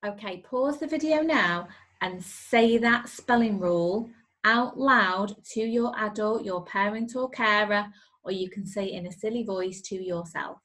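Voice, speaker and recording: A woman teaching a recorded spelling lesson to young children, speaking clearly and encouragingly and drawing her words out. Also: medium pitch, unhurried, a bit bright. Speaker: primary school teacher.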